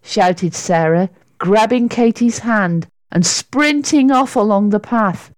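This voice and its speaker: A woman narrating a children's storybook with an expressive, deliberate delivery. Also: mid-range voice, no room sound.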